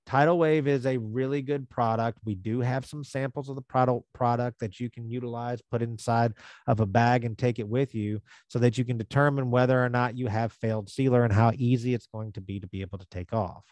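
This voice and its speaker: A man gives a casual live training to contractors, steady and mid-pitched. He often slips into quick impressions of customers. The sound is dry and close. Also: no room sound. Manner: conversational, acts out customer quotes.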